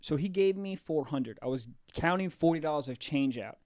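A man's voice: on the high side, animated, normal speed, a little mellow, no echo, studio quality. A young man co-hosting a podcast, telling a story in casual chat, laughing often and acting out the people he quotes. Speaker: podcast co-host.

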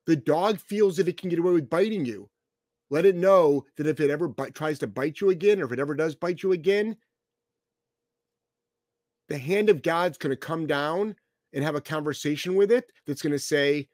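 A man's voice: fairly high pitch, moderate pace, a little mellow, no echo, studio quality. A man hosting a podcast as a dog trainer, answering listener questions in a blunt, emphatic, profane way.

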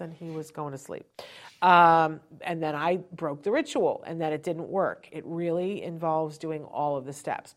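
A woman host giving friendly parenting advice in a chatty way, often asking "right?" and dropping her voice to show how to wind down. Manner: lowers her voice to show winding down. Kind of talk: conversational advice talk.

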